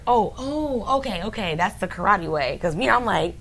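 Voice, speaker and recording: A woman co-hosting a podcast, telling a story in casual chat, animated and often laughing, acting out other people's lines. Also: mid-range voice, slow pace, creaky, pauses often. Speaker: podcast co-host.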